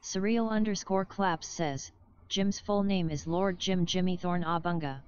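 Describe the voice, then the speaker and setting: A woman reading chat messages aloud in a flat, even way. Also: lowish voice, unhurried, clear, resonant tone, highs cut off.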